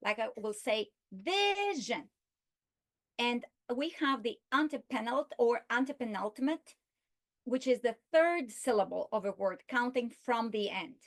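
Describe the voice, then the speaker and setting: Slow-spoken woman teaching word stress. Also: a little high. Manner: slow, deliberate, stresses example words. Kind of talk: recorded literacy lesson.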